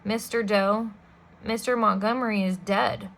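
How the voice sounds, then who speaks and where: A woman voicing a scheming male villain who fakes grief, speaking in a high, fluttery, falsely polite voice. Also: steady tone, measured pace, creaky, fairly bright tone. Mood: sly.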